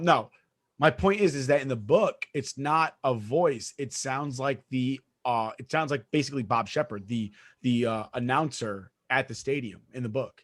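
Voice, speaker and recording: A man co-hosting a podcast in casual chat, emphatic and quick to argue, swearing freely. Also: mid-range voice. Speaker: podcast co-host.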